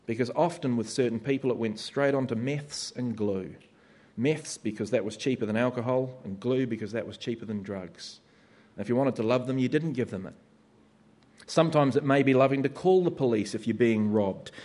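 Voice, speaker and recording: A man's voice: mid-range voice, normal speed, a little mellow. A man preaching a sermon in a conversational way, sometimes acting out the voices of his listeners.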